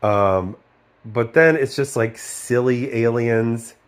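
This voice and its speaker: A man's voice: medium pitch, takes it slowly. Profane, sarcastic middle-aged man ranting. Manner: profane, sarcastic, mocking mimicry of others. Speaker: video host reviewing a film. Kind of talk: casual ranting commentary.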